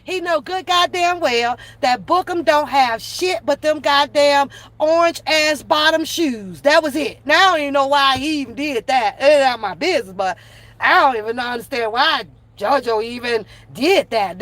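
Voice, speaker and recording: A woman's voice: high-pitched, lively intonation, moderate pace, a bit bright, dry recording. A woman streamer giving casual reaction commentary in a profane, laughing, rambling rant.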